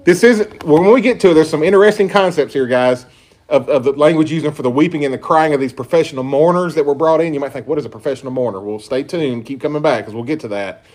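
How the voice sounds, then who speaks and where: A pastor preaching an earnest sermon, reading scripture aloud with emphatic stresses. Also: male voice, on the high side, quick pace, a little mellow.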